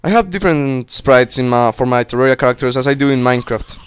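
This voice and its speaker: A young man giving casual, excitable let's play commentary, swearing and talking to himself as he plays. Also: mid-range voice, fast, clear, resonant tone. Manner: cursing, excitable, talks to himself. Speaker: gaming YouTuber.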